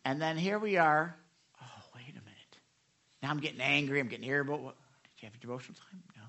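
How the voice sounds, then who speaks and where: A man preaching a sermon to a live church audience, animated and chatty, acting out quotes with many restarts and laughs. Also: fairly high pitch, racing. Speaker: pastor.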